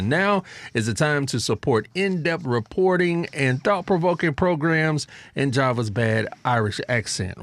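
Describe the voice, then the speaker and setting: A man delivering a playful, energetic fundraising pitch for a radio station. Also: measured pace, few pauses, no echo.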